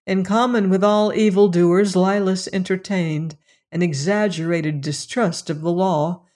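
A medium-pitched narrator reads a novel aloud for an audiobook. The scripted delivery is calm, steady, and measured.

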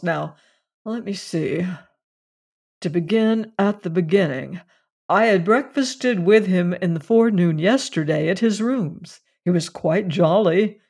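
Low, distinct, unhurried gentleman clubman, weary, read by a narrator. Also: breathy edge. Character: tired clubman telling a strange story, man. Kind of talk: audiobook reading of a story.

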